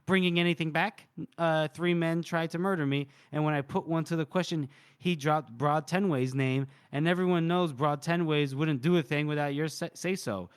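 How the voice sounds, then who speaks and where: A man voicing a defiant, scheming young male chieftain in a slow, cursing read while retelling a story. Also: on the high side, clean tone, no echo, studio quality, lightly acted.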